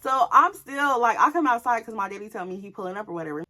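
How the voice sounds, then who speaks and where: A young woman vlogger tells a story straight to her viewers, casual, animated, candid and profane. Her voice is fairly high and her pace quick.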